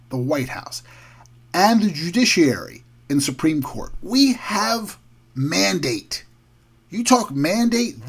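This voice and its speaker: A man's voice: a little high, breathy edge. A man hosting a heated, combative political commentary monologue. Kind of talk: opinionated podcast monologue.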